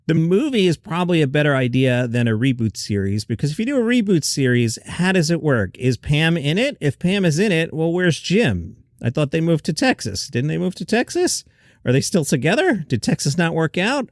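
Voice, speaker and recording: Male comedy-news host, sarcastic and incredulous, very animated pitch. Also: moderate pace, no echo, studio quality.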